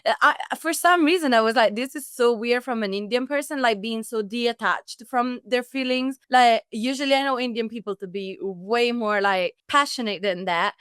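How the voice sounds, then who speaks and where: Chatty young woman from Italy, smooth voice. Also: on the high side, normal speed, hardly any pauses, a bit bright, no echo, studio quality. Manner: chatty, self-interrupting, laughs while telling. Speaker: guest. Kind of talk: casual storytelling conversation.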